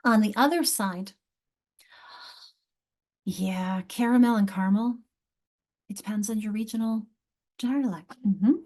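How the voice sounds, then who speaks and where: A woman's voice: mid-range voice, takes it slowly, pauses often, darkish tone. A woman giving a training lecture on spelling and word structure to teachers. She explains in a conversational way, stretches out example words to show how they sound, and checks in with "isn't it?". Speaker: literacy instructor.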